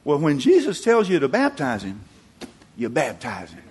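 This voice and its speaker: A man preaching a sermon, acting out quoted voices and moving between loud emphatic peaks and low quiet asides. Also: wildly swooping pitch, normal speed. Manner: acts out quoted voices, chuckles. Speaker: pastor.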